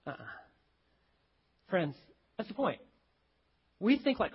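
A man preaching a sermon as a pastor, telling stories and rising to sudden loud emphasis. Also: high voice, big pitch swings, slow, pauses often, breathy edge, highs cut off.

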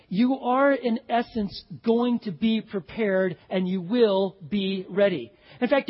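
A man preaching a sermon as pastor, animated and acting out the voices of the people in his story. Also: high-pitched, breathy edge. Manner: animated, acts out voices of characters. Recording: dull audio with long hall reverb.

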